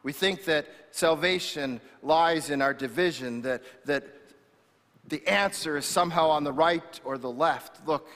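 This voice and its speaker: A man's voice: on the high side, measured pace, a bit bright. A male pastor preaching an impassioned sermon, often restarting with repeated words. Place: church sanctuary. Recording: reverberant church hall.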